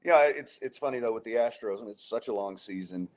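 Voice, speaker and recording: A man's voice: fairly low pitch, a little fast, a little mellow. A man hosting a sports podcast in a loose, conversational way. He chats freely about the team and keeps tossing open questions to his guest. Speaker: podcast host. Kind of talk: casual sports chat.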